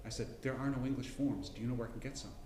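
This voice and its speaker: A man's voice: mid-range voice, fairly even intonation, very fast. Middle-aged guy rambling thru a church bible lesson, echoey room, little hum behind. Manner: folksy, rambling, frequent restarts and throat clearing. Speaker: Bible class teacher. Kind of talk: casual Bible lesson with personal story. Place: church classroom.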